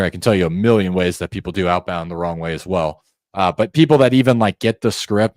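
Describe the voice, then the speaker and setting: A man with a fairly low voice walks viewers through a sales call script in a conversational coaching manner. He shifts into short acted phone lines to demonstrate each tone. The sound is dry, with no room echo. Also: darkish tone. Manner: coaching, demonstrates phone tones by acting out calls; conversational, addresses viewers directly. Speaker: sales trainer. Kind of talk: instructional screen-share walkthrough.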